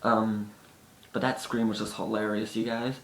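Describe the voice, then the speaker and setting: A man's voice: little pitch movement, moderate pace. Chatty man vlogging in an echoey room. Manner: chatty, often acts out friends' lines. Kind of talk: casual storytelling to camera. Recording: echoey room with faint rumble.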